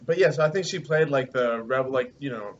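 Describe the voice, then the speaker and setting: A man co-hosting a casual podcast, easygoing and trailing off quietly. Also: medium pitch, a little fast. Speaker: podcast co-host. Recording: dull lo-fi recording with faint hiss.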